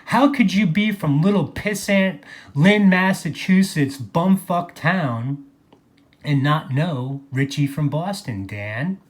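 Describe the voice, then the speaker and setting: A man's voice: a little high, lively intonation, slow pace. A man delivering an angry, profane vlog monologue, mocking people and repeating phrases for emphasis. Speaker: video blogger.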